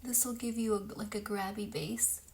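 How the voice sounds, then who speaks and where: A woman chats through her lash routine in a relaxed, rambling way, sprinkling in fillers. Her voice sits at a middle pitch and slips into soft whispers at times. Faint clicks sound behind her. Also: moderate pace, slight background noise. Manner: chatty, loose, full of "like" and "um". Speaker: beauty vlogger. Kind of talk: casual makeup tutorial.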